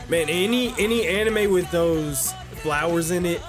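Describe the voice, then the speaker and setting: A man hosting an anime reaction video, talking casually and excitedly, swearing and restarting his sentences often, with faint music behind him. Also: sits high, normal speed. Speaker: anime reaction channel host.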